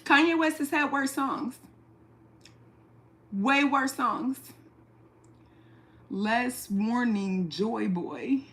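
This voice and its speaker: A woman hosting a casual livestream from her apartment, talking straight into a phone or webcam, blunt and profane, laughing quickly and reading the chat aloud. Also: fairly high pitch, expressive, a bit bright. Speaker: livestream host. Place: indoors at home, an apartment.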